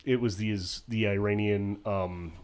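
Low-voiced man with wry quips. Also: steady tone, a little slow, a little mellow. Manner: wry quips, trailing off while searching for words. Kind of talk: casual chat.

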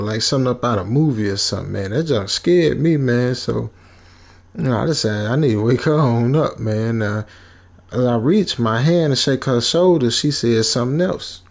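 A man's voice: mid-range voice, lively intonation, normal speed, creaky. A man casually retelling a comic horror story in a loose, rambling way, full of fillers. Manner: loose, rambling, laid-back, with many fillers.

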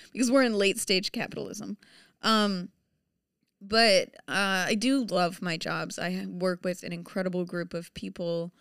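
A woman's voice: on the low side, steady tone, a little slow, gravelly, fairly bright tone, clean tone, no echo, studio quality. A woman in her thirties co-hosting a casual chat, laughing often and talking with many fillers and restarts. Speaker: podcast co-host.

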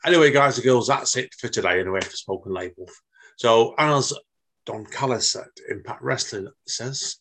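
A man's voice: medium pitch, animated, moderate pace, a bit bright. A British man hosting a podcast, friendly and rambling, calling his guest "mate". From Britain. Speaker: podcast host. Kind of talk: casual chat.

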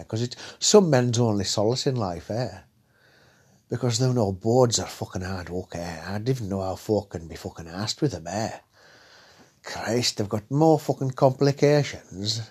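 A man's voice: on the low side, darkish tone, breathy edge. A man telling a crude, rambling comic story, ending his lines with "eh?". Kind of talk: comic monologue.

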